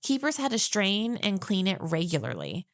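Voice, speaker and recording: A woman's voice: mid-range voice, huge pitch swings, normal speed, no echo, clean studio sound. A woman co-hosting a podcast in a casual chat, telling facts and laughing often. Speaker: podcast co-host.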